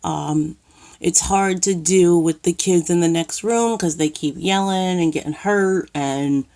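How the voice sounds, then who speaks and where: A woman with a New York accent chatting slowly through a makeup tutorial in a cluttered room at home. She rambles, fills the gaps with ums and restarts her sentences, and sounds a little nervous in front of the camera. Her voice sits somewhat low. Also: dark tone. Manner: self-conscious, says she is nervous on camera. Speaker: makeup vlogger. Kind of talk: casual makeup tutorial chat.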